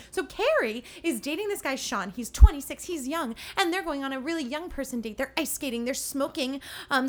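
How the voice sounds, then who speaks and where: A young woman hosts a casual recap podcast, her voice high and bright. She talks in a chatty, sarcastic way, dropping quick playful impressions of characters. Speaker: podcast host recapping episodes.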